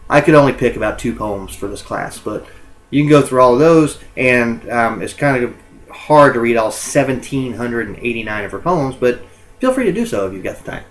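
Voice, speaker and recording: Male college instructor, mid-pitched, loose recorded lecture, frequent ums and uhs, stops to correct himself. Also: animated, moderate pace, poor audio.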